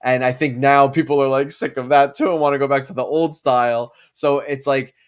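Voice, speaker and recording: A man's voice: medium pitch, fairly even intonation, fairly quick, clear, resonant tone. A man co-hosting a podcast in casual chat, rambling with lots of fillers and restarts. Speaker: podcast co-host.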